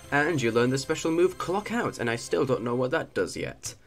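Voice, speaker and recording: A man's voice: medium pitch, expressive, normal speed, vocal fry, soft background music. A man giving rambling, sarcastic commentary while playing a video game. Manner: sarcastic, rambling, self-mocking. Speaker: let's play commentator. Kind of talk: casual game commentary with voiced characters.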